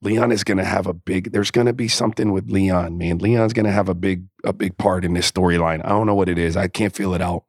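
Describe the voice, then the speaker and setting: A man's voice: low-pitched, fairly even intonation, a little fast, few pauses, darkish tone, no echo, clean studio sound. A man co-hosting a sports podcast, talking in a laid-back, slangy casual way. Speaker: podcast co-host. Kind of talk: casual chat.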